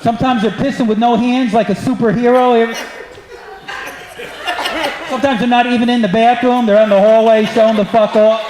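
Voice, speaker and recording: A man's voice: extremely high pitch, steady tone, moderate pace, long pauses, a crowd in the background. A man doing a stand-up set on a club stage, brash and profane as he teases the audience. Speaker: stand-up comedian. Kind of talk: stand-up set with crowd work. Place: comedy club stage before a live audience. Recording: echoey club with audience laughter.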